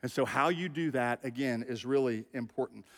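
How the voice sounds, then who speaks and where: A man's voice: medium pitch, normal speed, a bit bright. Man, middle-aged, pastor, conversational sermon, reverberant church hall. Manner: conversational, talks straight to the congregation.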